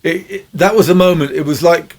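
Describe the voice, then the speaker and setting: A man, a guest musician, telling long rambling stories in a relaxed, chuckling way. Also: a little high, brisk, vocal fry, a little hiss or hum. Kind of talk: anecdotal storytelling.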